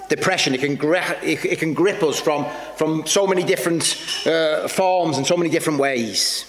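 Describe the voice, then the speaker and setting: A man delivers a sermon in a fairly high voice, earnest and searching, often halting and repeating himself as he reaches for the next phrase. The recording carries a long reverb tail and a faint hiss behind it. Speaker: preacher.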